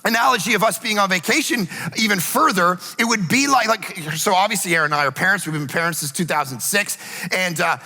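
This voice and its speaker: A male pastor giving an animated, storytelling sermon in a church, rising now and then to shouts. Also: high-pitched, fast, long reverb tail. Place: church auditorium.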